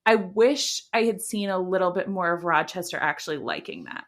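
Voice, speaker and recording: A woman's voice: fairly low pitch, fairly quick, fairly bright tone. A woman co-hosting a podcast in casual chat, talking with many fillers and restarts and laughing often. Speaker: podcast co-host.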